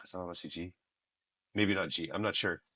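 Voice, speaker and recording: Lively low-voiced male podcast guest. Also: a little fast. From United States. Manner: animated, joking, mixes in Filipino phrases. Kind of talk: casual interview storytelling.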